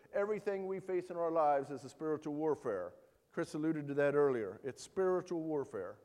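A male pastor delivers a sermon with earnest conviction, reading scripture aloud and pressing his listeners with questions. His voice sits a little high for a man. A long hall reverb trails behind his words. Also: darkish tone. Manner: earnest preaching with rhetorical questions.

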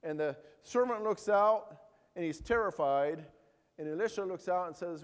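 A male pastor delivers a sermon with earnest conviction, reading scripture aloud and pressing his listeners with questions. His voice sits a little high for a man. A long hall reverb trails behind his words. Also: normal speed, clean tone. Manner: earnest preaching with rhetorical questions.

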